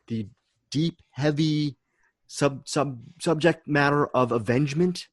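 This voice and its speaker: A man's voice: on the high side, takes it slowly, no room sound. A man hosting a podcast in casual chat, enthusiastic and repeating words as he thinks. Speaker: podcast host.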